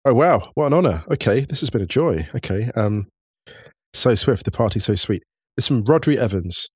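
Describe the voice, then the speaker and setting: Low-voiced chatty podcast co-host, a man. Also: moderate pace, slightly rough, no room sound, studio quality. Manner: chatty, animated, laughs easily. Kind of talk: casual chat and reading listener messages.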